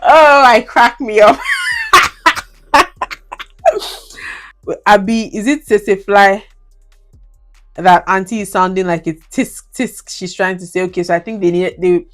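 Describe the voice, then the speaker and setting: A woman's voice: mid-range voice, fairly even intonation, unhurried, long pauses, faint music behind. A young Nigerian woman with a Nigerian accent, talking casually about movies as a video reviewer. She laughs often and slips into Nigerian Pidgin. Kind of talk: casual commentary on her old reviews.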